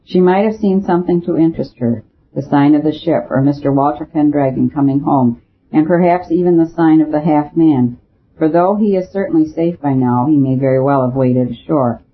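A man voicing a calm, weary male priest detective, speaking in a quiet, measured, grave manner. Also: fairly high pitch, slightly rough. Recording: tinny phone-like audio.

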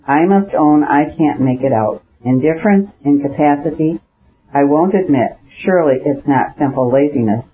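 A man's voice: a little high, moderate pace, close to an everyday voice. A man reading a lecturing elder brother. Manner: lecturing, persuasive. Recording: dull lo-fi recording.

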